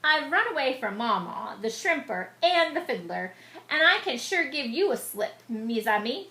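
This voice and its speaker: A woman's voice: high-pitched, big pitch swings, moderate pace, sharp tone, full character voice. Woman doing a cheeky gingerbread boy taunting in a sing-song. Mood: boastful. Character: cheeky boastful little gingerbread boy on the run. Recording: echoey room.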